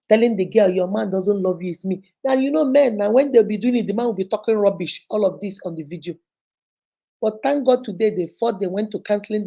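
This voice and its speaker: A Nigerian woman in her fifties hosting a casual livestream advice talk. She is animated and scolding, and mixes in pidgin and Igbo phrases. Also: medium pitch, gravelly. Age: 50s. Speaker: host.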